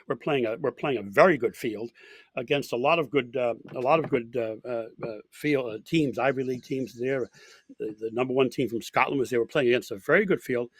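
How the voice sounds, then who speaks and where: A college golf coach with a mid-range, slightly breathy voice tells an anecdote in an interview, with plenty of fillers and restarts. There's no room sound on the recording.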